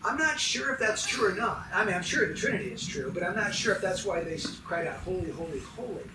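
A man's voice: high-pitched, lively intonation, quick pace, reverberant, recorded from a distance, noisy background. A man preaching a sermon as pastor, emphatic and putting questions to his congregation.

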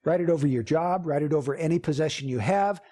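A man's voice: fairly high pitch, fast talker, mellow. A man preaching a sermon as pastor, earnest and emphatic, with repeated phrases.

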